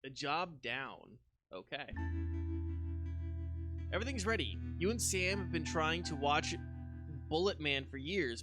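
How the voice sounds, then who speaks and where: A male streamer reads a story game's narration aloud in a relaxed, casual way. His voice sits slightly high, and music plays clearly behind him. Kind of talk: reading game text aloud with live commentary.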